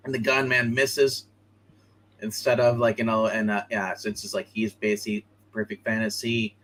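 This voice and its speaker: A man hosting a live online comic book show, chatting casually and excitedly, laughing often and acting out lines from the panels. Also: fairly low pitch, rough recording. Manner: excitable, laughing, acts out comic lines in quick put-on voices. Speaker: podcast host.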